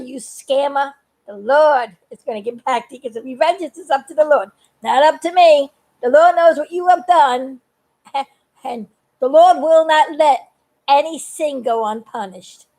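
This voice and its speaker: A woman's voice: sits high, low-quality recording. An older woman chatting on a live video, talkative and earnest, laughing often as she gives warnings. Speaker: vlogger. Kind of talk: casual live video chat.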